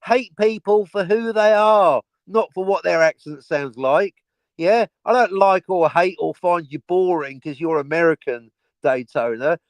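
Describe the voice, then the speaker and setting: A man's voice: high voice, no room sound. A man hosting a stream in casual, profane banter, mock-aggressive and sarcastic. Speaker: stream host.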